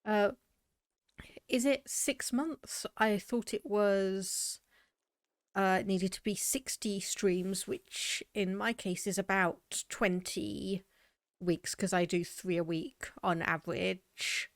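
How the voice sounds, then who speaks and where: A woman's voice: mid-range voice, fairly even intonation, slow pace, no echo, studio quality. A young British woman chatting casually with her live viewers while loading a game, laughing often and thinking aloud. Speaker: game streamer. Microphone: desk microphone.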